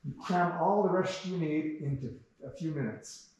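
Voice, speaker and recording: A man's voice: on the high side, moderate pace, a little mellow, a little hiss or hum. A man giving a lecture, reading his comic strips aloud in a chuckling, conversational way. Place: museum lecture room. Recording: very echoey room heard from far off.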